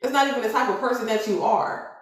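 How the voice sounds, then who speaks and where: A woman's voice: on the high side, fast. Emphatic tarot reader woman, echoey room. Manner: preachy, emphatic, repeats "okay?" to the audience. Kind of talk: live-streamed tarot reading.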